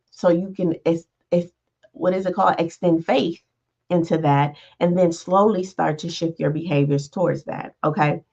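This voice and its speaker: A lowish, slightly mellow female voice comes through with a lo-fi sound. As a life coach hosting her podcast, she delivers a casual motivational monologue, conversationally checking in with "right?" and "all right" again and again.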